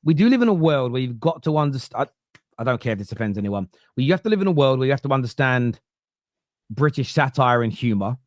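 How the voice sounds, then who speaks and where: A man's voice: mid-range voice, big pitch swings, quick pace, dry recording. A man on a football podcast panel, arguing earnestly and emphatically, often restarting his sentences. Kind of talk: casual football debate.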